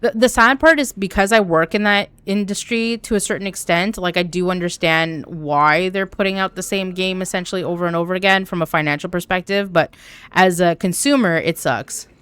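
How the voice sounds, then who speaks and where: A young woman from Canada chatting casually on a live stream while gaming, talking to her chat with an animated, swearing manner. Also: fairly low pitch, fairly quick, smooth, no room sound. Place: home room.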